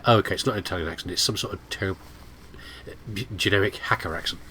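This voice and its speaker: Talking very fast, a British man with a cold gives rambling, chatty let's play commentary on a game. His low-pitched voice is bright and forceful with a breathy edge, yet nasal and blocked up from congestion.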